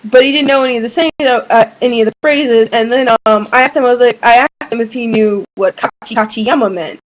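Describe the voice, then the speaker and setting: A woman's voice: on the high side, a little fast, rough recording. A young woman, a college student, ranting casually to her webcam at home, rambling with many fillers and restarts. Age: young adult. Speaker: vlogger. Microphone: webcam mic.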